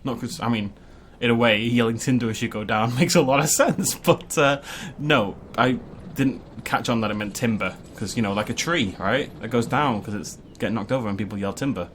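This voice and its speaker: A man's voice: medium pitch, fairly quick, fairly bright tone, slight background noise. Young man rambling through game commentary. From Wales. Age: young adult. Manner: rambling and jokey, laughs often. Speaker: gaming video host. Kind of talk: casual let's-play commentary.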